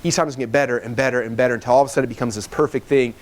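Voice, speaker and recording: A man in his thirties, a webinar trainer, teaches a live seminar to a room with fast, animated storytelling. He acts out the dialogue in his stories using higher voices.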